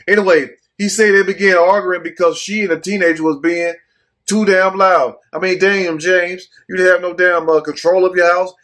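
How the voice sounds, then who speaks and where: A man's voice: high-pitched, flat delivery, moderate pace, a bit bright. A man giving blunt, profane casual commentary while reading out a news story. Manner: blunt, cussing, rhetorical asides. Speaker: commentary host.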